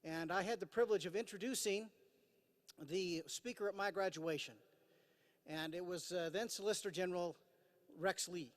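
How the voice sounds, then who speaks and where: A man's voice: high-pitched, moderate pace. A man in his fifties giving a formal commencement address from a podium. He talks earnestly with dry self-deprecating humor and frequent "uh" fillers. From Idaho, USA. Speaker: commencement speaker. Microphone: podium microphone. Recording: long hall reverb.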